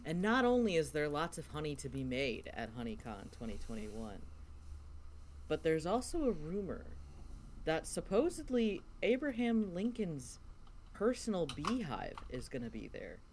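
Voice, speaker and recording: Lively game master narrating a setup. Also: medium pitch, measured pace, a little hiss or hum. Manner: playful, hedging with fillers.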